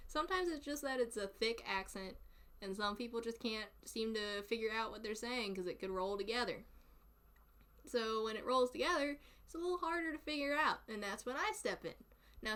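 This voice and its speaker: A woman's voice: on the high side, expressive, moderate pace, fairly bright tone. A chatty woman with a thick Southern US accent, laughing often as she talks casually with her stream followers. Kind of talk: casual chat.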